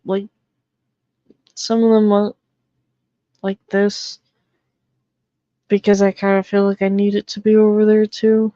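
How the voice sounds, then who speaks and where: A woman's voice: mid-range voice, warm tone, no echo, lo-fi sound. A woman from the Boston area chatting casually on her live stream, blunt and swearing freely.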